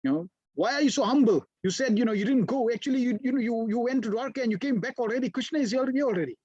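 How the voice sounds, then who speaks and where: Excited royal elder brother, husky, close and dry; a man puts him on. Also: extremely high pitch, quick pace, no echo, dull audio, pitched above the performer's own voice, exaggerated voice. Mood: amazed. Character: older brother king, urgent and then amazed.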